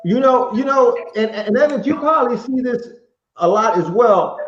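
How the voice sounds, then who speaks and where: A high-voiced male podcast host muses on grit and persistence in a reflective tone. His voice comes through muffled and echoey, over what sounds like a remote call. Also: animated, moderate pace, faint music behind. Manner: reflective, motivational musing. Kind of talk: casual podcast chat.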